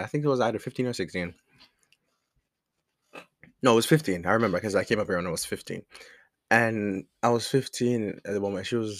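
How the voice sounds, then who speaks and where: A man's voice: on the low side, dry recording, studio quality. Rambling young man telling a story. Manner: rambling, laid-back, swears freely, laughs often. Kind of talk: casual storytime vlog. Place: at home at a desk with a laptop.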